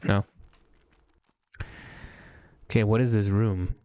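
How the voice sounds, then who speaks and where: A man hosting a let's play, chatting casually and thinking aloud as he plays, often pausing with hesitations. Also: fairly low pitch, steady tone, mellow, clean tone, dry recording. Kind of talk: casual gameplay commentary.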